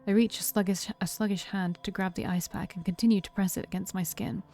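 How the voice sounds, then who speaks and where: A woman streamer reading a game's first-person narration aloud, steady and calm, with brief asides of her own. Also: medium pitch, quick pace. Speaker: game streamer. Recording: faint music behind.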